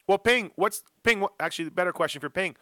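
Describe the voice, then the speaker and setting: A middle-aged man hosting a casual motocross chat, telling animated self-mocking stories. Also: sits high, normal speed, dry recording. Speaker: podcast host.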